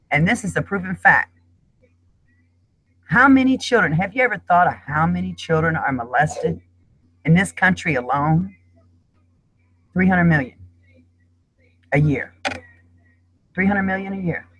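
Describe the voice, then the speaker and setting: Woman, middle-aged, husky voice, forceful, impassioned panel guest. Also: on the low side, animated, normal speed, rough recording. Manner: impassioned, emphatic. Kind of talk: emotional panel discussion.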